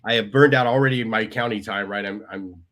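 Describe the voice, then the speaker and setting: He talks fast in a fairly bright voice on the low side. As a podcast guest in a storytelling interview, he recounts his life conversationally, quoting others and ending lines with tag questions like "right?".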